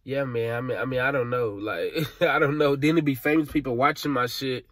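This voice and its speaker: Venting through tears to the camera, a young Alabama man speaks briskly in a mid-range, fairly bright voice with no echo. This vlogger rambles in frustration, full of profanity and slang.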